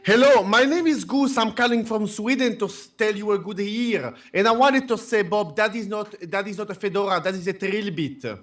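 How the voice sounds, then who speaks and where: Man doing a fake-foreign caller, stilted words, high voice. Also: moderate pace, few pauses, close to an everyday voice. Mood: earnest. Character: man posing as a Swedish caller.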